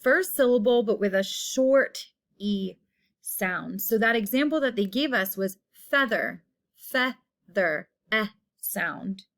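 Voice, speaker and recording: A woman teacher walks through a phonics lesson, repeating each word and drawing out the vowel sounds. Her voice sits a little high, and she takes her time, speaking at a slow, unhurried pace.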